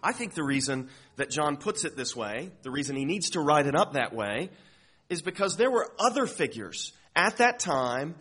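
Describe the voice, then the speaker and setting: A man's voice: fairly high pitch, big pitch swings, normal speed, sharp tone, slightly rough. A middle-aged man preaching an expository sermon, earnest and emphatic, often restarting phrases. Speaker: pastor.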